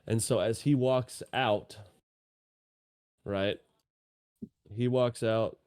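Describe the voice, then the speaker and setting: A man's voice: medium pitch, steady tone, very slow, a little mellow, dry recording, clean studio sound. A man narrating a tabletop game as game master in a laid-back, rambling, cussing way.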